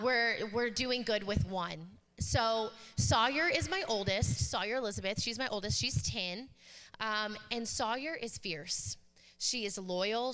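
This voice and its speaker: A woman pastor delivers a sermon in a church sanctuary, telling family stories in a chatty, joking way. Her voice sits at an ordinary middle pitch. The live recording carries a long hall reverb. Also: clean tone. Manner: chatty, joking, animated storytelling.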